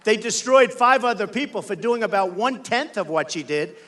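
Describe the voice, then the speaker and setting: High-voiced American man giving a rally speech. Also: animated, brisk, fairly bright tone. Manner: emphatic, repetitive, punchy. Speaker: political candidate. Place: large indoor rally venue.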